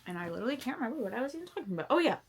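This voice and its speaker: A woman in her twenties rambling casually while doing her makeup at home, self-deprecating and animated. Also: fairly high pitch, racing, a little hiss or hum. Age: 20s. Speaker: beauty content creator. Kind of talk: casual get-ready-with-me chat.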